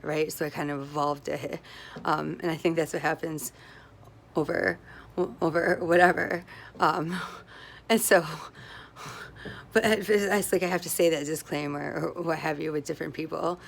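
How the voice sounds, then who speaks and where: A woman's voice: deep voice, flat delivery, moderate pace, gravelly. A woman talking in a casual, meandering monologue, restarting her sentences, tagging on "right?" and breaking into easy laughs. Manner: meandering, self-interrupting, often tags with "right?"; laughs easily between thoughts.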